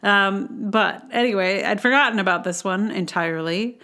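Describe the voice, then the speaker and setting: A woman's voice: medium pitch, normal speed, bright, forceful tone, clean tone. A woman from New York hosting a solo podcast, talking in a rambling, chatty way with self-deprecating asides. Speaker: podcast host.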